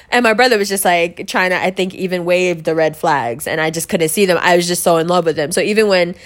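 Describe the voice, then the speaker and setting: A woman's voice: on the low side, brisk. A woman candidly telling a personal story, chatty, with lots of "like" and acted-out quotes of herself. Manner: chatty, peppered with "like", quoting herself.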